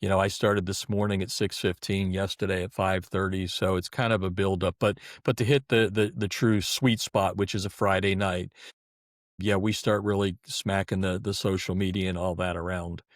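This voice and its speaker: The guest here, a middle-aged sports website editor, has a deep voice with a level tone and moderate pace. He is talkative and folksy in the interview, restarting sentences again and again, all in clean, echo-free studio sound.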